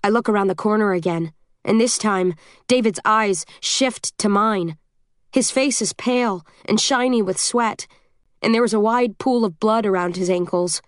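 A woman narrating a first-person audiobook in a steady, measured, tense way. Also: mid-range voice, dry recording, studio quality.

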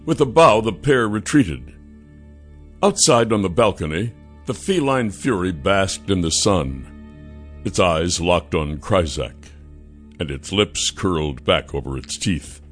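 A male narrator reads a fantasy audiobook in a low voice. His storytelling is measured and steady, and faint music runs beneath it.

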